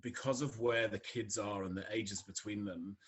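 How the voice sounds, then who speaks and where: A man's voice: lowish voice, fairly even intonation, normal speed. A middle-aged man from Scotland with a neutral English accent, chatting as a podcast guest, laughing often and using many fillers. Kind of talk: casual conversation.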